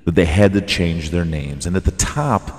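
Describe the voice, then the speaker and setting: A man hosting a sports podcast, running through the standings with crude jokes, sudden loud outbursts, sing-song bits and laughter at his own gags. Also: low voice, normal speed, no echo. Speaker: podcast host. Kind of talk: profane comedic sports rundown.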